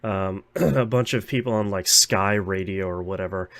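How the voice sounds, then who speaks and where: A man's voice: low-pitched, moderate pace, fairly bright tone, dry recording. A man from the United States co-hosting a podcast in an easygoing, enthusiastic way. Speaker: podcast co-host. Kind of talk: casual chat.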